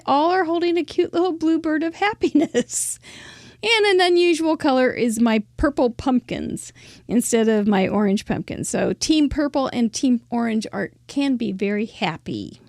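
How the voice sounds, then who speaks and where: A woman's voice: sits high, lively intonation, moderate pace, vocal fry, darkish tone, dry recording, clean studio sound. A middle-aged woman hosting a live crafting show, bubbly and chatty, laughing often and tripping over names.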